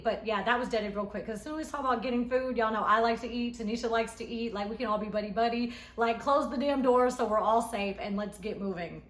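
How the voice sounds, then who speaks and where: A woman casually recapping a reality show episode she was in, telling it in an animated, emphatic way. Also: a little high, fairly quick. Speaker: reality show cast member reviewing her episode. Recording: echoey room.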